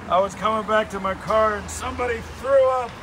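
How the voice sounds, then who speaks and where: A man vlogging outdoors on city streets, excitable and joking as he walks and talks. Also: high voice, fairly quick. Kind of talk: casual vlog walk-and-talk. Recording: street noise, passing traffic.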